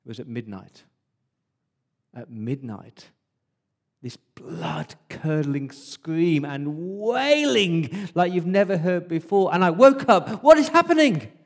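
A preacher speaking as an Israelite firstborn remembering Passover night, telling it vividly in the first person. His voice sits a little high for a man and drops to a hush when the story turns dark. This is a dramatic monologue inside a sermon. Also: expressive, slow pace, heavily acted. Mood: tense.

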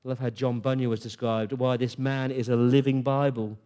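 Man, preacher, earnest conversational sermon, mellow dark tone. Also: mid-range voice, little pitch movement, brisk.

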